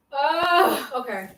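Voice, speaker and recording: A young woman with a high, fairly bright voice livestreams from her bedroom. Short of breath from making the bed, she chats candidly with viewers in slangy terms. Echo and faint noise come through in the recording.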